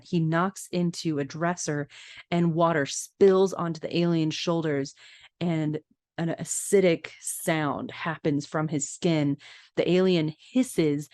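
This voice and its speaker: A woman's voice: low-pitched, a little mellow, dry recording, studio quality. A woman hosting a casual podcast, narrating film scenes in detail with chatty asides. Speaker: podcast host.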